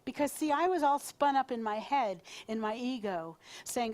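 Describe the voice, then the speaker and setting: A woman's voice: a little high, expressive, moderate pace, a little mellow. A woman minister giving a live sermon to her congregation, talking in a conversational, playful way with asides to the crowd. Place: spiritual center service in front of a congregation.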